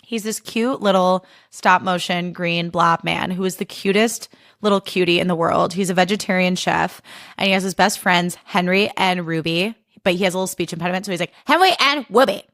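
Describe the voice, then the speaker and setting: A woman's voice: fairly low pitch, fairly even intonation, brisk, fairly bright tone, dry recording, studio quality. A young adult woman hosting a podcast alone, talking casually, candidly and emotionally, and swearing freely. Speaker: podcast host. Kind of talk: casual solo chat.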